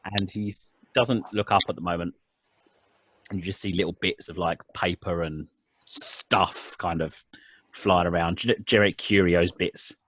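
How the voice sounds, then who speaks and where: A man's voice: deep voice, fairly even intonation, unhurried, a bit bright, a little hiss or hum. A man narrating as game master of a tabletop game, in a rambling way full of ums and restarts.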